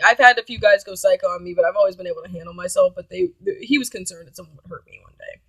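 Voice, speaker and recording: A woman's voice: medium pitch, expressive, very fast, hardly any pauses, fairly bright tone, husky, no room sound, low-quality recording. A woman vlogger telling a story in a casual, blunt, profane way.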